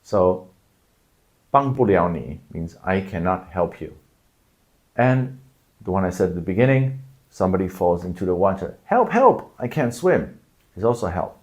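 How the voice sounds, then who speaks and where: Relaxed man teaching phrases, lowish voice. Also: a little slow, pauses often. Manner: explains patiently, acts out shouted examples. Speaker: language teacher. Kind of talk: casual video lesson.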